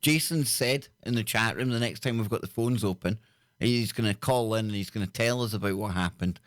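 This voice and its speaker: A man hosting a casual livestream chat, talking in an excitable, slangy way. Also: fairly low pitch, brisk, dry recording, studio quality. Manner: excitable, loud laughs, slang-heavy. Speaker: host.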